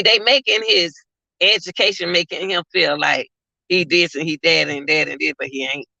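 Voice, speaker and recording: A woman's voice: low-pitched, vocal fry, bright, forceful tone, no echo. A woman vlogger, chatting casually to her viewers about a case. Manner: chatty, addresses viewers as y'all. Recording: dull lo-fi sound.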